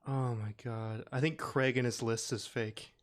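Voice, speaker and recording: A man's voice: medium pitch, fairly even intonation, unhurried. A man co-hosting a casual podcast, laughing often as he chats. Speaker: podcast co-host. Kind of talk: casual chat.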